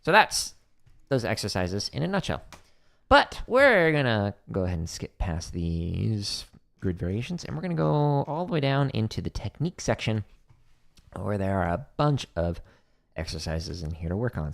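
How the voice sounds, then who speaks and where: A man with a low, gravelly voice teaches drumming on a practice stream. His pitch moves a lot as he walks through each exercise and counts the patterns aloud. He keeps the talk relaxed and casual. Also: moderate pace. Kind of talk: instructional livestream talk.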